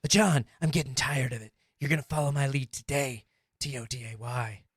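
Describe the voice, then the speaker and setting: A man's voice: mid-range voice, a little fast, husky, no room sound, clean studio sound. A man voicing a self-important martial-arts action star who bosses a co-star around. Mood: menacing.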